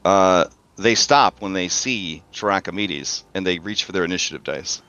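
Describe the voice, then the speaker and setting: A man's voice: low voice, moderate pace, sharp tone, smooth. A man narrating as game master, hesitant and full of uhs while he describes scenes. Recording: dull lo-fi sound.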